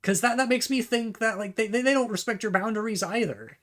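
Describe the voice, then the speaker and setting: A man with a voice pitched a bit above most men's rants through a casual reaction commentary. He sounds exasperated and swears freely. He keeps repeating and restarting words as he talks to himself about what he reads. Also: fairly quick, fairly bright tone. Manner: talks to himself while reading posts aloud. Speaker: reaction video host.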